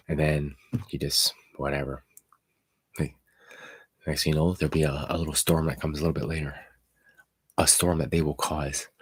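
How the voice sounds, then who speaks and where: A man's voice: very deep voice, husky, no echo. A man hosting a live chat, talking bluntly and profanely to hurt viewers, rambling with many restarts like a confiding friend. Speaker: livestream host.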